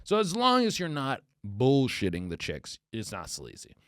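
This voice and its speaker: A man's voice: medium pitch, normal speed, no echo, studio quality. A man hosting a comedy podcast, riffing crudely and acting out little quoted voices as he tells it. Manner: crude, animated storytelling with acted-out quotes. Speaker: podcast host. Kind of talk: casual comedic podcast chat.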